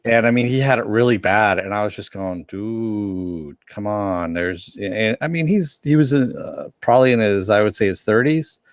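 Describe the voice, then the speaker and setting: A man's voice: on the low side, normal speed, few pauses, no echo. A man co-hosting a casual live-stream podcast, telling rambling, joking stories with frequent restarts. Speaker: podcast co-host reporting on a convention.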